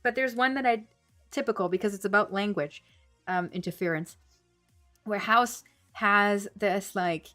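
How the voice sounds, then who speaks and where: A woman's voice: mid-range voice, unhurried, pushed and bright, soft background music. A woman, a language-learning streamer, chatting casually on a livestream as she reads and answers viewer comments, laughing often and switching between English and German.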